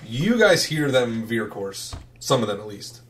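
A man's voice: medium pitch, very animated, measured pace, a bit bright. A man narrating as game master of a tabletop game, describing the scene in a casual, matter-of-fact way. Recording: distant noisy mic.

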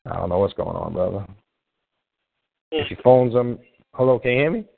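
A man's voice: mid-range voice, animated, normal speed, creaky, no echo. A man hosting a live call-in show in a casual, rambling way, often restarting as he tries to reach callers. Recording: tinny phone-line sound, dry.

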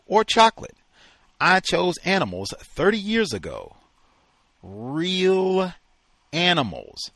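A man reading as gruff kennel owner Carruthers. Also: mid-range voice, no room sound, full character voice. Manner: gruff, shouting, then forced restraint. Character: furious older man who runs an animal kennel, fed up with humanity.

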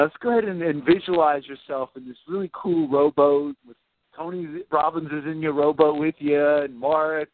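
A man's voice: a little high, no echo. Man on a tinny line, soothing. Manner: slow, soothing, encouraging. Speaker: host leading a guided visualization. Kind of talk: guided visualization.

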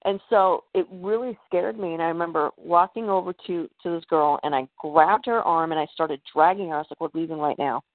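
A woman's voice: on the low side, brisk, few pauses, no echo. Hesitant woman on a tinny line. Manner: hesitant, many fillers and restarts. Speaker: podcast guest. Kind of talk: telling a personal story.

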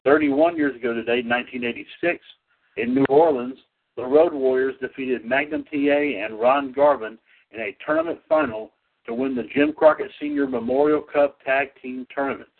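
Over tinny phone-line audio, a man from the North Carolina area hosts a radio show, reading wrestling history at normal speed in a voice on the high side. He's folksy, chatty and lively, coughing and clearing his throat now and then.

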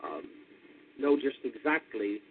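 An American man preaching a radio sermon, deliberate and methodical, spelling out words and rising with emphasis on key points. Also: medium pitch, big pitch swings, gravelly, slight background noise. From United States. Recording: tinny lo-fi radio broadcast.

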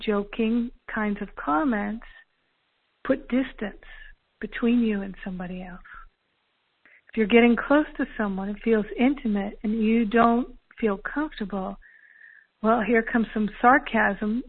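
A woman telling personal stories calmly and earnestly, acting out the dialogue as she goes. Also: fairly high pitch. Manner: calm, earnest, acts out quoted dialogue. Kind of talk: reflective personal storytelling. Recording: narrow phone-like audio.

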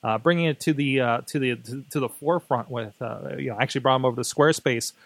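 A man's voice: medium pitch, fast, no echo. A man hosting his own podcast, talking casually in a rambling way with many fillers and restarts. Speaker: podcast host. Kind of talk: casual solo monologue.

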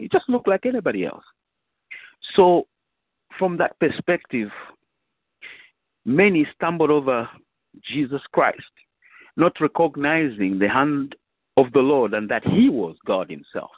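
A bishop with a slightly high voice preaches a conversational sermon, frequently asking "you know" and repeating phrases for emphasis. The recording is a dry, tinny phone line with no room sound.

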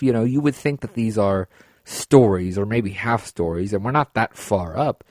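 A man hosting a podcast, telling a long story in a rambling, excitable way with frequent swearing. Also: fairly low pitch, normal speed, dry recording, clean studio sound. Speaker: podcast host. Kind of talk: casual storytelling.

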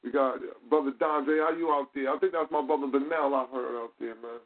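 A man hosting a call-in show, animated, laughing and greeting callers by name. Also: medium pitch, fairly quick. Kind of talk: casual call-in chat. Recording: phone-like lo-fi call audio.

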